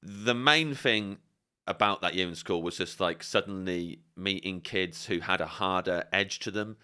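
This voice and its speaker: A man's voice: sits low, measured pace, pushed and bright, smooth. A man, chatting on a podcast and telling rambling, self-deprecating stories about his childhood. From England. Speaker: podcast guest. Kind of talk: casual chat, storytelling.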